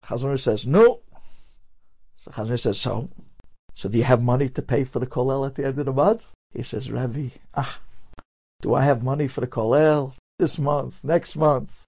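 A man telling a story with lively energy, acting out the characters' lines with sudden jumps in his voice. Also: mid-range voice, moderate pace, gravelly, husky. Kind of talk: animated storytelling.

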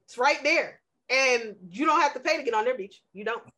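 A woman co-hosting a casual podcast chat, telling animated stories with frequent laughs and playful wordplay. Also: high-pitched, brisk. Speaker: podcast co-host.

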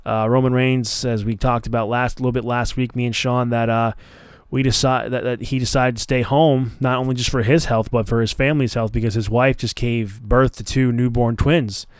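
Guy doing a casual solo podcast, middle pitch, lots of uh and restarts, dry close sound. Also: flat delivery, normal speed, clean tone, dry recording. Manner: chatty, loose, many fillers and restarts. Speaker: podcast host.

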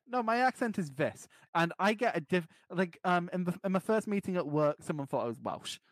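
A man's voice: high-pitched, animated, fairly quick, no room sound. A man with a hard-to-place English accent, co-hosting a casual podcast, swearing freely and laughing through his stories. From Scotland. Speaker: podcast co-host. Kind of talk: casual chat.

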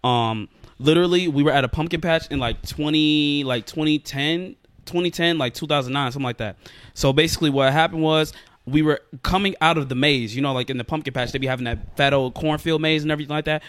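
A young man co-hosting a casual podcast chat among friends, an animated storyteller who acts out quoted lines in a higher voice. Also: quick pace, clear, resonant tone, no room sound. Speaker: podcast co-host.

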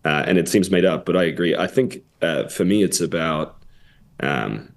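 Deep-voiced English comedian. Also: male voice, animated, moderate pace, creaky. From England. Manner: profane, joking storyteller. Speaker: comedian guest. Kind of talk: casual podcast chat.

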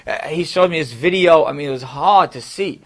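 A man's voice: fairly high pitch, moderate pace, fairly bright tone. A man, a rabbi, telling a story to his class in a conversational way with casual asides.

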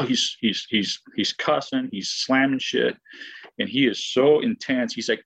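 A mid-range, slightly bright male voice at normal speed belongs to a guest who used to play baseball. He tells a long, rambling personal story full of fillers and restarts, frequently acting out what he said and thought, on a rough recording with no room sound.

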